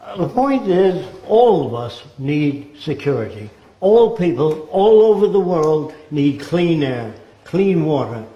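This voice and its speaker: A man's voice: fairly high pitch, dark tone. A man giving a blunt, sardonic talk full of rhetorical questions. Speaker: speaker. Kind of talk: lecture-style monologue. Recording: roomy echo.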